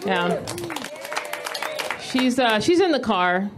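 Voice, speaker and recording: Woman comic in her thirties, stand-up set, higher voice, animated storyteller who flares into mock rants. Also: takes it slowly, over a noisy crowd, very noisy. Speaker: stand-up comedian. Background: audience laughter.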